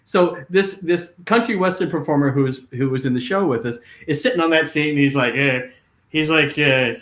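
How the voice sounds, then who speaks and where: An older man tells showbiz stories as a guest, animated and full of fillers and restarts. His voice is bright and forceful, and it rings with a roomy echo. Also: a little high, moderate pace. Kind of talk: casual storytelling.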